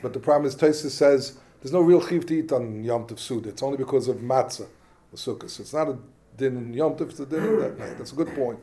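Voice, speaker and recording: A man, teaching a lively Talmud class in a questioning, animated way. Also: medium pitch, fast. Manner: questioning, animated, mixes Hebrew and Yiddish terms.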